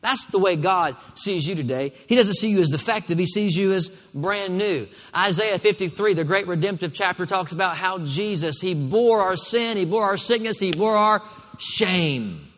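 A man's voice: high voice, expressive, moderate pace, a bit bright, in a large hall. A male pastor preaching a sermon, drawing call-and-response from the congregation.

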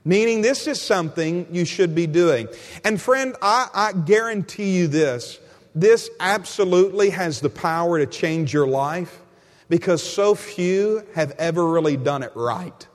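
A man's voice: sits high, moderate pace, long reverb tail. A man preaching a sermon as pastor, emphatic and repeating key phrases, often calling his listeners friend.

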